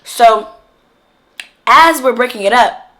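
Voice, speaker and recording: A woman vlogger telling a story in casual chat, slangy and animated, acting out what others said. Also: fairly high pitch, slow pace.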